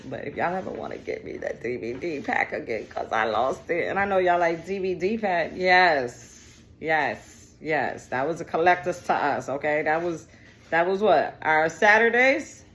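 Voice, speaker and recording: A woman's voice: sits low, animated, normal speed, few pauses. Chatty, cussing woman reading tarot. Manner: chatty, digressive and profane, with slang. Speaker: tarot reader.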